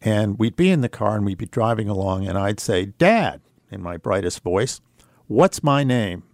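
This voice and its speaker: A man with a fairly low voice tells a personal story as a radio show guest. He talks in an earnest, reflective way, unhurried, with the odd filler. His voice comes across close and dry, with no room sound. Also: gravelly, a little mellow, dry recording.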